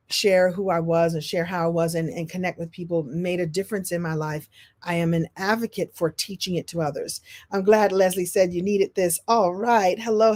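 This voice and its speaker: A woman's voice: fairly low pitch, a little mellow. A woman in her sixties from Brooklyn gives a playful, motivational talk as a storytelling coach. She laughs often and slips into impressions. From Brooklyn, New York.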